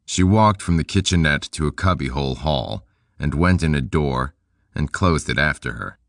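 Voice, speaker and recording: A very deep-voiced man narrating a first-person audiobook in a dry, deadpan way. His pitch still moves a lot, giving a lively lilt to a low-key delivery. The sound is close and dry, with no room around it. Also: normal speed, no echo.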